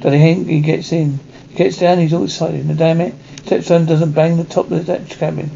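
A slick Texan wheeler-dealer who brags in folksy drawling patter. The voice sits a little high yet has a gravelly, mellow grain. It comes through a dull lo-fi TV soundtrack with faint hiss. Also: male voice. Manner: boastful, slick salesman's talk. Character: fast-talking Texan man posing as a plane buyer. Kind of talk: 1980s TV action series acting.

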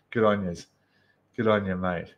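A man's voice: on the low side, lo-fi sound. A man with an Australian accent hosting a casual live stream, chatting and greeting viewers one by one.

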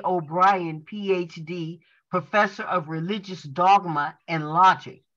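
Slow, bright-voiced woman reading aloud. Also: fairly low pitch. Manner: slow, emphatic reading with self-corrections. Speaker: reader at a Bible study. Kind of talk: reading a sermon transcript aloud. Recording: dull lo-fi sound.

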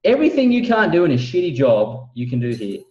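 A man giving an emphatic, preachy motivational sales pitch as a guest on a video call. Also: sing-song, fast, dark tone, reverberant, distant mic, lo-fi sound.

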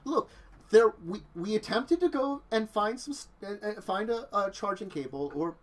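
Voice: medium pitch, expressive, moderate pace, pitched above the performer's own voice, natural voice. A player voicing a young woman who has fallen into crime, talking hesitantly with many fillers during tabletop role-play. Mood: rambling. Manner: rambling, hesitant, full of fillers.

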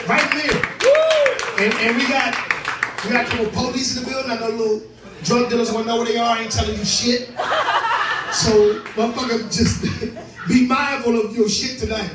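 A man doing profane, brash stand-up crowd work at a live club, laughing often and a bit drunk. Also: sits high. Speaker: comedian hosting a show. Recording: echoey room, distant mic, crowd noise.

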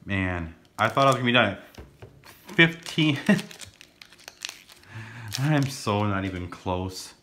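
A man's voice: on the low side, animated, slow, long pauses, pushed and bright, a little hiss or hum. A man casually narrating as he opens card packs, rambling and goofy, now and then breaking into silly sing-song. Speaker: card-opening vlogger. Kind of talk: casual pack-opening commentary.

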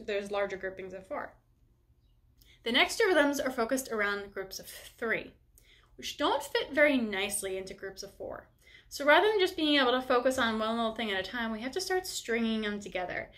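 A woman's voice: on the high side, a bit bright. A young woman teaching a music lesson, upbeat and encouraging, explaining each step plainly. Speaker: bassoon teacher.

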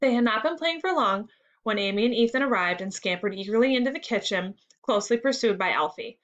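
A woman teacher reading a third-grade lesson and story aloud in a clear, measured way. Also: fairly high pitch, animated, a bit bright, lo-fi sound.

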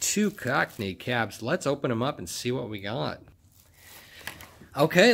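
A man's voice: medium pitch, creaky, a bit bright. A man hosting his own collecting video, giving casual, enthusiastic commentary while unboxing and inspecting toy cars. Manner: enthusiastic, exclaims over each find.

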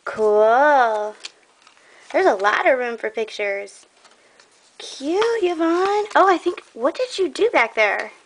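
A woman's voice: on the high side, expressive, slow, a little hiss or hum. Breathless young woman gushing over crafts. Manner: gushing, admiring, breathy little exclamations. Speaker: crafter showing a trade package. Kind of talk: casual unboxing vlog.

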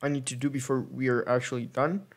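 A man's voice: mid-range voice, little pitch movement, fast, gravelly. A man giving casual gameplay commentary, rambling and correcting himself as he thinks aloud. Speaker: gaming video creator.

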